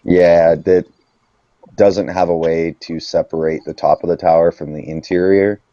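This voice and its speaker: A man with a deep, mellow voice runs a tabletop game, narrating in a relaxed, chatty way full of little fillers. His voice comes through a dull, lo-fi mic with a dry sound. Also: moderate pace, dry recording. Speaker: game master.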